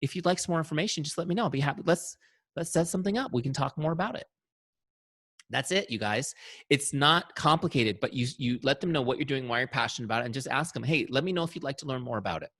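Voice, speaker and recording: A man teaching an online sales training, coaching energetically and walking through software on screen. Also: on the high side, quick pace, no echo, clean studio sound.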